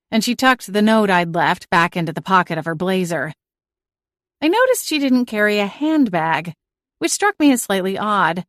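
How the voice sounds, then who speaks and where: A woman reading a first-person audiobook narration in an even, measured storytelling way. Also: lowish voice, no room sound, studio quality.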